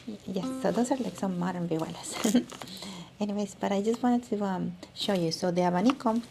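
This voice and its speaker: A woman's voice: medium pitch, normal speed, creaky, background noise. A woman teaching a music lesson, demonstrating as she talks and often restarting her sentences. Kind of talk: instructional video lesson.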